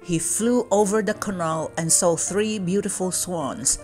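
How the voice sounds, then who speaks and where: A woman reading a children's storybook aloud in a calm, measured way. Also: fairly low pitch, soft background music. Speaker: children's book reader.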